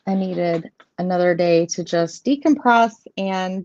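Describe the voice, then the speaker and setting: A woman's voice: lowish voice, takes it slowly, darkish tone. A woman in her thirties or forties hosting a live tarot stream from home, chatting casually and laughing often. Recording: dull lo-fi stream audio.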